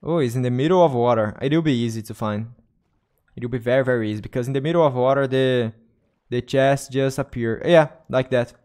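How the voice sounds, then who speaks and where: A man's voice: medium pitch, a little fast, a little mellow, clear, resonant tone. A man with a Brazilian Portuguese accent, streaming a game and chatting to viewers in English, often repeating and restarting his words. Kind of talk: casual gaming livestream chat.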